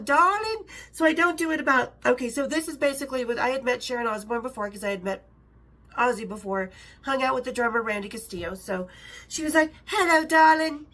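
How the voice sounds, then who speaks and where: A middle-aged woman with a high, fairly bright voice reads aloud from a memoir she wrote. As an author and storyteller, she often stops herself mid-flow for chatty tangents and laughs.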